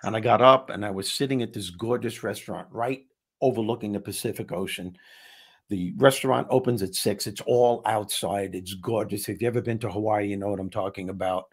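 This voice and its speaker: A man hosting a talk show, telling a personal story in a lively way with frequent restarts. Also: lowish voice, a little fast, slightly rough. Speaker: host. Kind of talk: casual storytelling chat.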